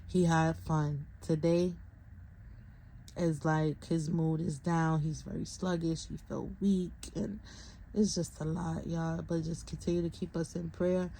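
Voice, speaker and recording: Exhausted young woman vlogger, flat low gravelly voice, venting straight to camera. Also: unhurried, a little hiss or hum, poor audio. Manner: venting, tired, talks straight to viewers. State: exhausted, close to tears. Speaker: vlogger, parent of a sick child. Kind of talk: emotional vlog update.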